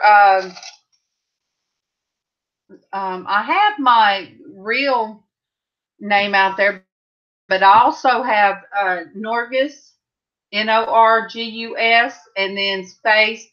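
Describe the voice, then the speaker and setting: Taking it slowly and pausing often, a middle-aged woman from California with a mid-range voice chats with livestream viewers from her home craft room. She rambles as she responds to their comments, and the recording has a slightly dull, lo-fi sound.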